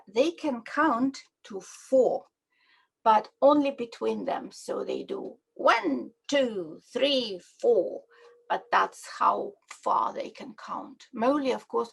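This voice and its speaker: A woman from Russia with a Russian accent, a children's book author presenting her story's toy characters in a gentle, simple way and asking her listeners questions. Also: a little high, vocal fry, slightly rough, poor audio.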